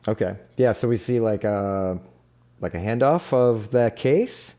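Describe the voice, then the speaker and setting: Game master, male: very low, warm and mellow, loose rambling narration. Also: a little slow. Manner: rambling, loose narration full of fillers and asides.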